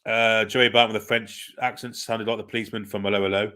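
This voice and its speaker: With a lowish, bright voice that is forceful yet level in tone, a man talks fast while hosting a live football watchalong stream. He gives casual play-by-play, reads viewer comments, and swears freely.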